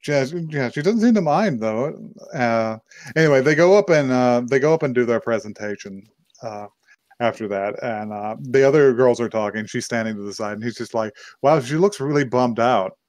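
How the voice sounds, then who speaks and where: Mid-range in voice with a darkish tone and moderate pace, this man is recorded without room sound. As a podcast co-host, he chats through an anime recap, swearing freely and slipping into characters' dialogue as he retells the episode.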